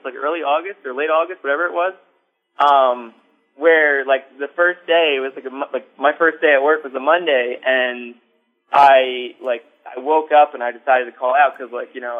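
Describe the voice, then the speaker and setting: A man's voice: mid-range voice, steady tone, moderate pace. Rambling man on a phone line. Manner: rambling, many likes and ums. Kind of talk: casual storytelling chat. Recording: phone-like line, faint music.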